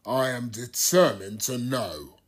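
A man voicing a male deity who speaks in firm, measured declarations. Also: mid-range voice. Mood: solemn.

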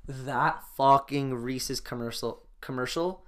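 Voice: medium pitch, slow pace. A teenager in their late teens co-hosting a casual podcast, blunt and sarcastic, swearing often and acting out other people's lines in retold stories. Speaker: podcast co-host. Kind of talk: casual chat.

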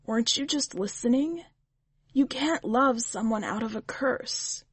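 Lady doing a wry old-soul witch, slow, dry, gently probing. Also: a little high, breathy edge, no room sound, pitched above the performer's own voice. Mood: teacherly. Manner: dry, patient, teacherly.

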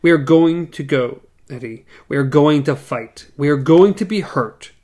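A man reading aloud as a weathered male gunslinger, slow, measured and grave. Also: fairly high pitch, darkish tone, close to an everyday voice. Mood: solemn. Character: grim weathered male gunslinger, calm and resolute.

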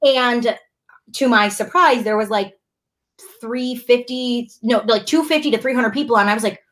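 A young woman, a bartender, telling her story in a casual chat, animated, swearing and acting out what people said. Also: a little high, a little fast. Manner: animated, swearing, acts out her own quotes. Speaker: bartender and show guest.

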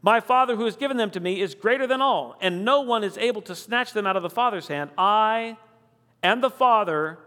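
A man preaching a sermon, emphatic on key declarations and dropping low and slow when he reads scripture. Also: a bit bright, big-room sound. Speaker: pastor.

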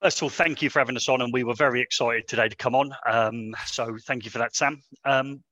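A man's voice: mid-range voice, steady tone, fast, sharp tone, dry recording. A man guesting on a chat show, talking in a polished, promotional way about his company. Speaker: guest, industry company representative. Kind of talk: casual chat.

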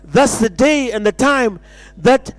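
A man's voice: very high voice, animated, takes it slowly, soft background music. A man preaching an impassioned sermon, repeating phrases and stumbling into restarts.

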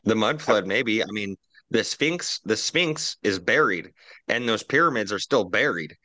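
A man's voice: on the low side, lively intonation, unhurried, pushed and bright, dry recording. A man on a casual roundtable podcast, ranting profanely and animatedly while drinking.

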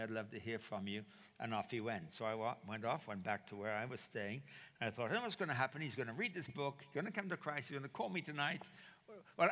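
A man telling a personal story in a sermon, animated and acting out the quoted dialogue. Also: mid-range voice. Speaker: preacher. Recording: reverberant hall.

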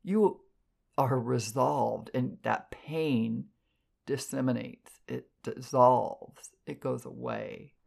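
Give me a gravelly woman storyteller, unhurried and expressive. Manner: animated, expressive, jumps in pitch for emphasis. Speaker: clairvoyant podcast guest. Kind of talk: casual storytelling.

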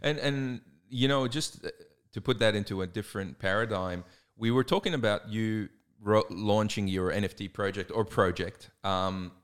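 Australian male co-host, low and smooth, direct and no-nonsense delivery. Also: normal speed. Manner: direct, advice-giving, blunt instructions. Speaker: podcast co-host. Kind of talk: casual podcast chat.

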